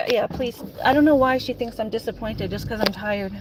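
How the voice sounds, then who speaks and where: Tired woman vlogger, casual and chatty, held-back calm delivery, car noise behind. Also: fairly high pitch, fairly quick. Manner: chatty, laughs often, many fillers like "like"; keeps her voice quiet and calm on purpose. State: tired with a headache. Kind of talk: casual chat while driving. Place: in a car on country roads. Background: vehicle noise.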